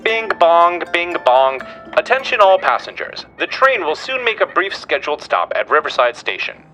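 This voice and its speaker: A man's voice: a little high, sing-song, normal speed, bright, forceful tone, highs cut off, faint music behind, voice pushed up. A man voicing a cheery male train announcer in a formal announcing manner.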